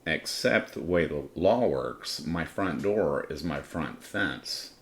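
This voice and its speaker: A man's voice: a bass voice, lively intonation, slow pace. A middle-aged man telling a personal story on his podcast in a blunt, swaggering way, swearing freely. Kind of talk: casual profane storytelling.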